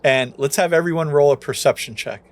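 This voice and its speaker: A young man running a tabletop game as game master, narrating casually with laughs and acting out quick lines for the characters. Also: fairly high pitch.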